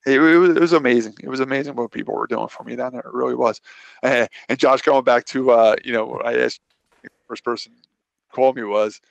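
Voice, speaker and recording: Talking a little fast in a creaky, medium-pitched voice with fairly even intonation, a regular guest, a local racer, rambles through a long story on a laid-back podcast. He keeps interrupting himself to restart and recount his past conversations; there's no echo.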